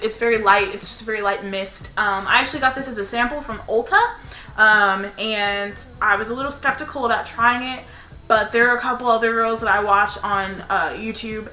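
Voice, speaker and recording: A woman vlogger talks through her hair products in a loose, rambling, chatty way. Her voice is bright and forward. The room gives her voice an echo. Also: mid-range voice. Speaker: beauty vlogger. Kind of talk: casual hair-care vlog. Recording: roomy echo, faint background music.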